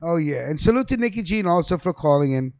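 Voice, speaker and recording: A man's voice: on the high side, fast, no echo, clean studio sound. A man hosting a live talk show, telling stories with lots of laughter in casual banter. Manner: animated storytelling, laughs often. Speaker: radio show host.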